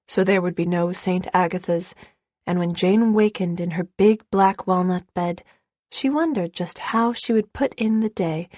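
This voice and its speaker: A woman narrating an audiobook with steady, even storytelling. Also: lowish voice, dry recording. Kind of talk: scripted narration.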